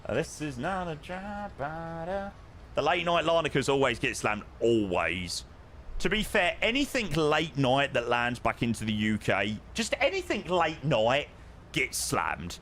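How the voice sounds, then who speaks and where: Lively young man streaming. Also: a little high, measured pace, a little hiss or hum. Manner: chatty, matey, greets viewers by name. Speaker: flight sim streamer. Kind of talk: casual live-stream chat with chat readers.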